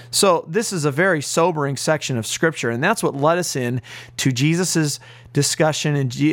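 A man's voice: a little high, no room sound. A man teaching as pastor on a radio Bible program, preaching earnestly and urgently with emphatic repetition.

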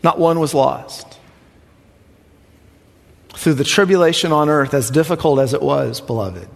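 Male pastor, emphatic sermon delivery, soft-to-loud swings, slightly high voice, reverberant sanctuary. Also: unhurried, creaky.

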